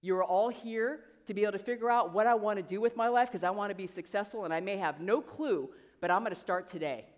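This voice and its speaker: A woman coach giving an energetic motivational speech to students, talking conversationally and quizzing the audience. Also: mid-range voice, quick pace, hardly any pauses. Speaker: coach and guest speaker. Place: large event hall with an audience. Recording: long hall reverb.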